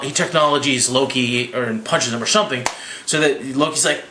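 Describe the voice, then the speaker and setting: A slightly drunk young man rambling through a profane, casual movie recap with quick impressions. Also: medium pitch, pushed and bright, echoey room, slight background noise. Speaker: movie reviewer.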